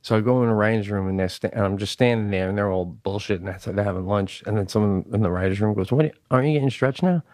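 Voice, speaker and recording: A man's voice: lowish voice, fast, few pauses, dry recording, studio quality. A man co-hosting a podcast, telling a story in casual comedic style, swearing freely and acting out the people he quotes. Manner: animated, swears freely, acts out quoted voices. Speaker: podcast co-host.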